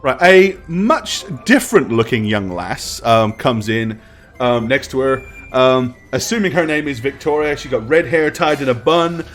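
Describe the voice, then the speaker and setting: Unhurried male dungeon master. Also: medium pitch, animated, soft background music. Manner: descriptive, unhurried, many ums. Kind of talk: narrating a tabletop game.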